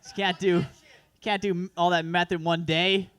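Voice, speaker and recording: A man's voice: high-pitched, flat delivery, normal speed, a bit bright, clean tone. A man performing a crude, self-deprecating stand-up set at an open mic, rambling through asides. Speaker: stand-up comedian. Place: comedy club open mic.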